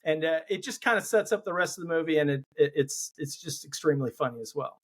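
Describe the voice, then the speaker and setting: Male guest, high pitch, methodical scene recap. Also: quick pace. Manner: steady, explains his pick step by step. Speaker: podcast guest. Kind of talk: casual movie chat.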